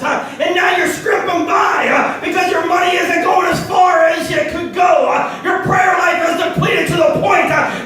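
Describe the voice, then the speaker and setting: Guy preaching loud and high, lots of uh's, booming echo in a church hall, mic way off. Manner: shouted preaching with many "uh" fillers, dropping to quiet asides. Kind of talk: sermon. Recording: echoey hall picked up from far off, faint hiss.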